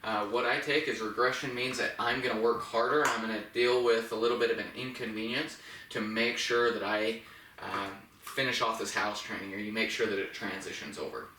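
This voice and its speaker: A man's voice: on the low side, steady tone, fairly quick, slight background noise. A man working as a dog trainer, giving step-by-step instructions while he demonstrates with a dog indoors. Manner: explains step by step, bright praise to the dog. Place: indoors in a home. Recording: roomy, from a distance.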